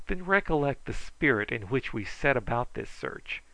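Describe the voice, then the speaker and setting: A man reading the part of a kindly, brisk doctor who teases and fusses over a young companion like a father. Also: mid-range voice, sing-song, creaky, bright, forceful tone, dry recording, full character voice, low-quality recording. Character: kindly jovial older male doctor.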